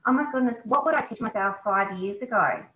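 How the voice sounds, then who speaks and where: A woman being interviewed, talking in an animated, emotional way and often breaking into exclamations. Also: on the high side, a little fast, slight background noise. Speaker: interview guest, business owner. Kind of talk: casual interview chat. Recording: echoey, slightly dull recording.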